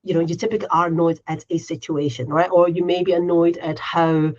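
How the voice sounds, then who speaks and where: A woman's voice: on the low side, fairly even intonation, brisk, darkish tone, highs cut off. A woman co-hosting a casual podcast chat. She talks in a chatty, running way, tags her sentences with "right?", and acts out her own inner voice in little quotes. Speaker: podcast co-host.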